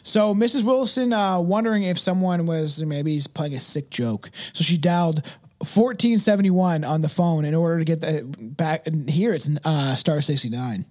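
Podcast co-host, casual, reads a ghost story, stumbles on words, laughs a lot, mid pitch. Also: moderate pace, darkish tone. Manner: laughs often, stumbles over words while reading. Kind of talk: casual chat and reading a ghost story aloud.

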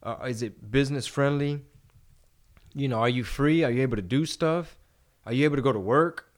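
A man with a medium-pitched voice and slightly fast pace hosts a casual podcast, rambling and cursing freely while telling stories in an animated way.

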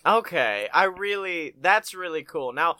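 A man co-hosting a casual comedy podcast, joking, rambling and laughing often as he pitches ideas. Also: expressive, a little slow, pushed and bright, no room sound. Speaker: podcast co-host.

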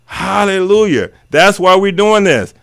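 Excitable preaching man, bright forceful voice. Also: on the high side, brisk. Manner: excitable, exclaims hallelujah, talks back to the text; casual and colloquial, drops into vernacular. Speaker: radio host teaching the Bible. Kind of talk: preaching Bible study on radio.

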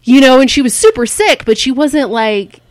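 A woman's voice: sits high, very animated, normal speed, dry recording. Woman comic guest, candid and rambly, dry close sound. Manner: frank and rambling, acts out quoted voices; swears casually. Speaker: stand-up comedian, guest. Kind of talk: candid conversational interview.

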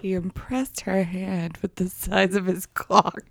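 A young woman co-hosting a casual podcast, with a gravelly, smoker-like voice and teasing quips. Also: medium pitch, steady tone, no echo. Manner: teasing, quick quips, laughs often. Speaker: podcast co-host. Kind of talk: casual chat.

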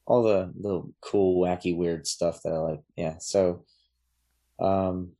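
A man talking as a podcast guest in casual chat, relaxed and rambling, with many fillers and restarts. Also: sits low, slow.

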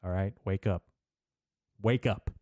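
A man's voice: sits low, fairly even intonation, measured pace, darkish tone, no room sound. A man hosting a podcast, ranting in a profane, rambling, emphatic comedic way into a close mic. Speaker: podcast host. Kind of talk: casual comedic rant.

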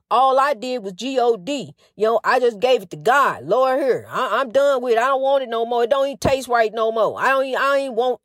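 A middle-aged woman hosts a faith-based talk program, delivering a casual spiritual monologue in a folksy, emphatic way. She talks fast with a slight stutter, often restarts, and keeps calling listeners "honey." Her voice is on the high side, with no echo and studio-quality sound.

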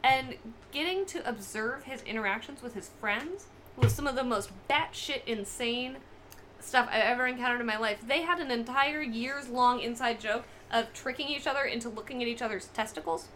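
Bright-voiced woman telling rambling stories. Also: on the high side, a little hiss or hum. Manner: earnest, rambling anecdotes with fast bursts. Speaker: podcast co-host. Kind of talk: casual chat.

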